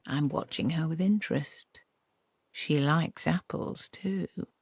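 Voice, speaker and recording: A woman's voice: deep voice, slow, gravelly, a little mellow, slightly rough, no echo, clean studio sound, exaggerated voice. A woman voicing a smug talking apple tree, once a male wizard, with a sly, lecherous, lecturing manner in an audiobook reading.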